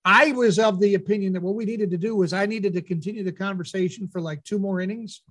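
A man hosting a radio talk show, telling a lively anecdote and acting out what people said. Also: high-pitched, quick pace. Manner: animated anecdote teller, acts out quotes. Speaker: radio host. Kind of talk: casual storytelling on air.

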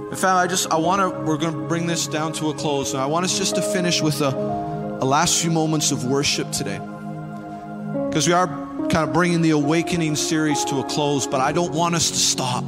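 A man's voice: a little high, normal speed. A man, a pastor, preaching a sermon in a church with impassioned, fervent calls to the congregation. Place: church sanctuary. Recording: long hall reverb with faint music.

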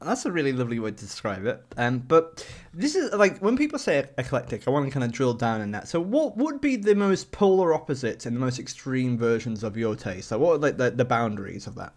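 A man's voice: medium pitch, sing-song, brisk, hardly any pauses, darkish tone. A man hosting a podcast, friendly and laughing often as he asks questions. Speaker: podcast host. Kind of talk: casual chat.

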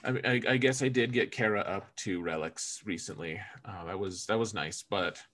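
A man co-hosting a gaming podcast, talking in an animated, joking way with frequent stammered restarts. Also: on the low side, normal speed. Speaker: podcast co-host. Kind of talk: casual gaming podcast chat.

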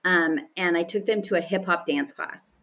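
Woman, guest, candid personal storytelling, animated, laughs often, lowish voice. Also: normal speed, vocal fry. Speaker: podcast guest.

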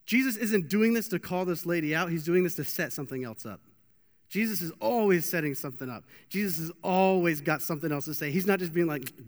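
Animated high-voiced young preacher in a hall. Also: male voice, moderate pace. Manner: animated, joking, with many restarts. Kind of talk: casual sermon. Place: church hall. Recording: long hall reverb.

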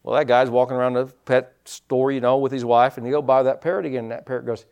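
A man preaching a sermon as pastor, folksy, telling stories and swinging his loudness up and down, from the United States. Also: medium pitch, little pitch movement, quick pace, hardly any pauses, smooth. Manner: folksy storytelling preacher, rising and dropping loudness.

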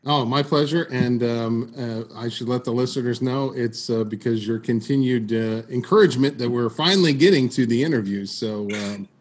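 A man hosting a podcast interview, asking friendly, halting questions. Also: mid-range voice, darkish tone. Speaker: podcast host.

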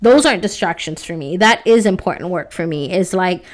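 A woman's voice: on the low side, expressive, brisk. A woman in her thirties hosting a solo podcast, talking casually and encouragingly, often adding "like" and "right?". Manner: chatty, fills with "like" and "right?"; encouraging, faith-based. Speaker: podcast host.

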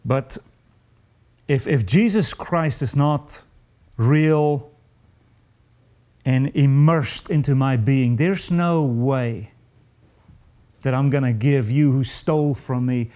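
Slow, mellow-voiced man preaching. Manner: earnest, confessional, climbs high when reading hard verses. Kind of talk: sermon.

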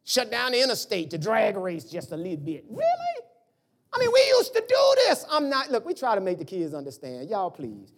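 A pastor with a high-pitched voice preaches a sermon at a fairly quick clip. He tells family stories in an animated way, acting out the voices of his parents in dialogue.

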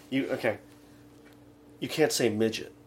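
Male co-host, casual comedic chat, rambling and halting delivery, mid-pitched voice. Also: slight background noise. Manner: rambling, halting retelling with many fillers. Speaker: radio show co-host.

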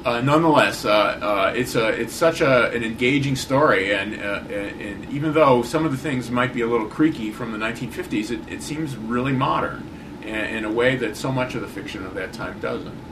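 A man's voice: medium pitch, fairly quick. An older man with a Buffalo, New York accent, a guest author and teacher talking thoughtfully and hesitantly on a live convention panel. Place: convention room. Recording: distant mic with clear noise.

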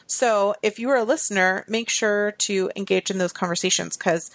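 A woman's voice: mid-range voice, no echo. Chatty woman podcast co-host, dry sound. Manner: chatty, laughs easily, trails off with fillers. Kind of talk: casual chat.

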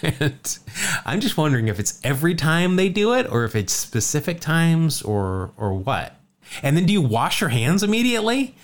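A man's voice: fairly high pitch, big pitch swings, moderate pace. A man co-hosting a casual podcast, telling a jokey baseball story, often stumbling and repeating words.

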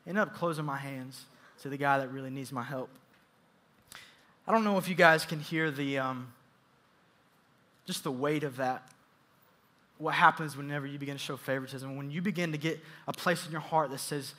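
A man preaching a sermon, telling a story in an animated, playful way with soft asides. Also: on the high side, normal speed, pauses often. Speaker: youth pastor.

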